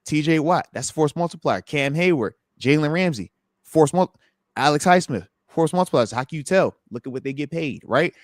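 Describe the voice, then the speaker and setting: A man's voice: a little high, expressive, moderate pace, no echo, studio quality. A man, a former pro football player, talking football with passion on a live podcast and acting out voices of players and fans. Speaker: former NFL player and guest analyst.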